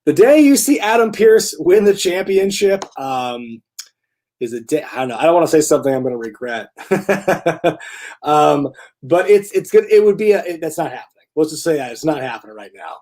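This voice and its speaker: A man's voice: fairly high pitch, very animated, normal speed, darkish tone. A young man hosting a live stream, chatting casually, rambling and correcting himself, and chuckling often as he reads viewer donations. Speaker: host of a live wrestling review stream.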